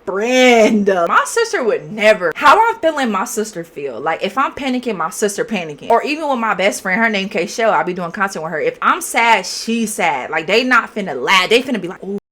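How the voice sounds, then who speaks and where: A young woman vlogger telling a story casually, slangy and animated, talking straight to her viewers. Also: mid-range voice, fairly quick, few pauses.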